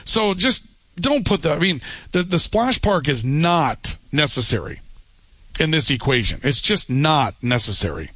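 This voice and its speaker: A male radio host speaks close into a studio mic with a dry, dead sound. His voice sits a touch high, and he delivers his opinions bluntly, with a wry edge. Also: sing-song, a little slow, pushed and bright, no room sound. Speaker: radio talk show host. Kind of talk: talk radio. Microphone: studio microphone.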